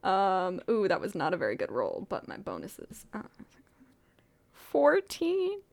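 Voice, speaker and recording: A woman's voice: mid-range voice, huge pitch swings, unhurried, a little mellow, dry recording. A woman playing in a tabletop role-playing game, describing her character's actions in a casual, playful way. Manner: playful, laughs often. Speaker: player.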